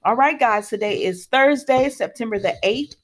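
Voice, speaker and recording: A young woman hosts a casual soap recap, her pitch swinging lively up and down. She chats in an animated way and speaks directly to her viewers. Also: moderate pace. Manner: animated and chatty, talks straight to viewers. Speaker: soap opera recap host.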